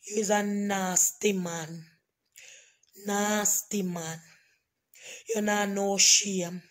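A hoarse woman, scolding and repeating herself emphatically in a ranting vlog. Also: medium pitch. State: hoarse, voice nearly gone. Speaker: online commentator.

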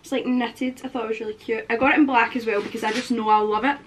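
A woman's voice: a little high, steady tone, quick pace. A woman of twenty-one, vlogging in a rambling, chatty way full of filler words. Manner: chatty, rambling, fills speech with "like". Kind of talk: casual chatty vlog.

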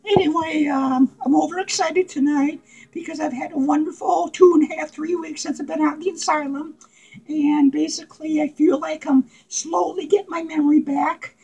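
Super high-pitched crazy clown, cackles and swears nonstop, giddy comedy vlog bit. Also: male voice, steady tone, moderate pace, creaky, darkish tone, rough recording. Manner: cackling, profane, giddy rambling. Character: manic, unhinged male clown, giddy and crude. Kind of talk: comedic character vlog monologue.

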